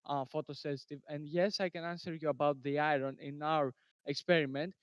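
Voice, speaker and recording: A man's voice: a little high, a little fast, clear, resonant tone, no echo, low-quality recording. A teenage boy giving earnest, formal answers in a student science debate over a video call. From Greece. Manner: earnest, formal, repeats phrases. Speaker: presenting student in a science tournament.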